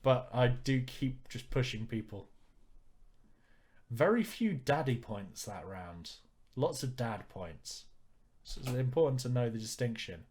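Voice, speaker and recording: A man's voice: medium pitch, animated, measured pace, a little mellow. A man reading a visual novel aloud and commenting on it with dry jokes. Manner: wry, joking asides. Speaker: let's player.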